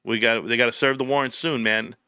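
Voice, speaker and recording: A man's voice: medium pitch, steady tone, fairly quick, sharp tone, clean tone, dry recording, clean studio sound. A young man hosting a casual livestream, joking and riffing as he reads chat messages aloud. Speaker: livestream host.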